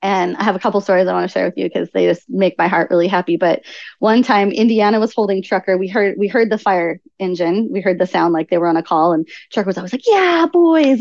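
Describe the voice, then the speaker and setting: A woman telling stories as a podcast guest, bringing them to life by acting out quoted speech in livelier bursts. Her voice sits at an ordinary middle pitch. The recording is dry and close, with a slightly dull, lo-fi tone. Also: fairly even intonation, fast, darkish tone, no echo. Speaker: podcast guest, author and nutritional coach. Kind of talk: conversational interview storytelling.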